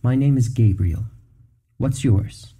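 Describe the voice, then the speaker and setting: A man's voice: medium pitch, takes it slowly, mellow. A man reading aloud and voicing a cheerful, cryptic old man who talks in a gleeful, playful way. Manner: gleeful, chuckling.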